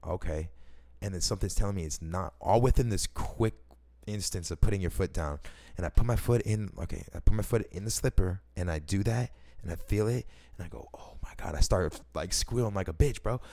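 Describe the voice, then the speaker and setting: A man telling personal stories in a casual, rambling way, excitable and slangy, swearing often and restarting his sentences. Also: low-pitched, a little fast.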